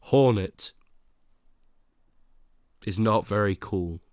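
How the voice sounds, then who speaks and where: A man's voice: mid-range voice, sing-song, slow pace, a bit bright, no echo. A young man on a casual livestream who talks to his chat, swinging between playful mock outrage and fumbling apologies. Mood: mock-outraged. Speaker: livestreamer ranking teas.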